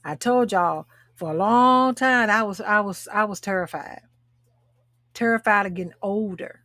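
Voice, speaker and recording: A woman's voice: mid-range voice, normal speed, pushed and bright, no echo. A woman in her sixties who hosts a live talk show and coaches other women. She speaks emphatically, repeating her phrases and calling out to her viewers. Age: 60s. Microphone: webcam or phone mic, live stream.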